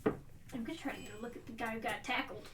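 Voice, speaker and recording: A woman's voice: on the high side, steady tone, quick pace. A woman playing a tabletop game, talking in a casual, laid-back way. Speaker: player. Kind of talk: casual chat. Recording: distant echoey mic with noise.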